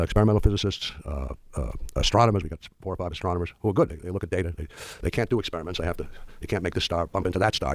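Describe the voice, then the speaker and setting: An older man, the founder of a firm, tells halting, rambling stories to an audience, full of restarts and dry humor. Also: deep voice, no room sound. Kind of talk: storytelling talk to an audience.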